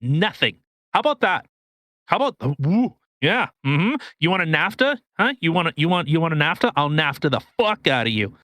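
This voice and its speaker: A man from Canada holds forth on a casual podcast, his voice bright and slightly high for a man. He talks in a restless, profane ramble full of restarts. The sound is dry and close. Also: very animated, fairly quick, no room sound. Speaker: podcast co-host. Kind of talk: casual political rant.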